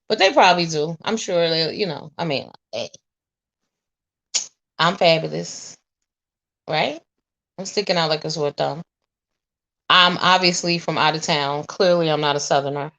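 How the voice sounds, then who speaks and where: A woman in her forties chatting to viewers, telling a story in a blunt, animated, profane way. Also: fairly low pitch, moderate pace, gravelly. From US Northeast. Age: 40s. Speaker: vlogger.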